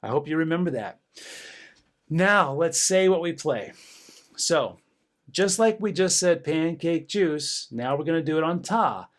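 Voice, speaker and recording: Middle-aged band teacher guy, kinda high voice, slow and encouraging, counts rhythms out loud. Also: animated. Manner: encouraging, counts rhythms aloud with bursts of cheering. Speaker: band director. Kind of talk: music lesson demonstration.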